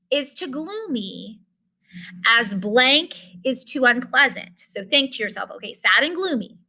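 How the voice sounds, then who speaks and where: Woman teacher, bright and a touch high, explains patiently step by step. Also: rough recording. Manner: explains step by step, talks directly to students. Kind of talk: online class lesson.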